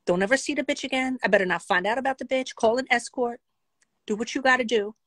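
A woman telling a casual storytime vlog in a blunt, profane and animated way. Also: fairly high pitch, quick pace, no room sound. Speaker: vlogger.

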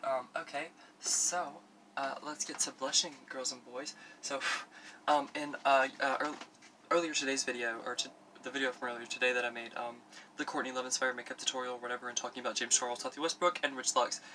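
A man's voice: medium pitch, fairly even intonation, a little fast, bright, forceful tone, a little hiss or hum. A young man hosting a parody makeup tutorial at home, rambling with lots of fillers and camp asides to himself. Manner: rambling, filler-heavy, camp self-talk. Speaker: makeup vlogger. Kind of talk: parody beauty tutorial chat. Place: at home doing his makeup.

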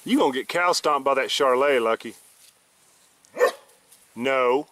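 A man's voice: medium pitch, a little slow, fairly bright tone. A man ranting bluntly and profanely in a casual vlog, recorded outdoors in a rural yard. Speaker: vlogger.

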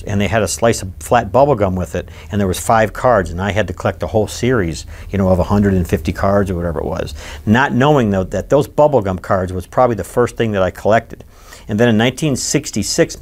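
A lower-voiced man in his sixties from Michigan tells his childhood memories in an oral history interview. His storytelling is animated, and his pitch climbs when he stresses a point. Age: 60s.

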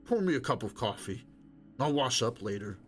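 A man's voice: mid-range voice, sing-song, normal speed, soft background music, lightly acted. A man voicing a terse, weary stalker. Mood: tired. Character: weary, hard-edged male stalker, middle-aged.

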